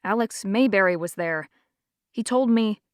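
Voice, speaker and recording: A woman's voice: mid-range voice, unhurried, smooth, dry recording, natural voice. Woman reading a shaken young man, bewildered, accusing, dry close sound, audiobook. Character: young man, shaken and confused after possession.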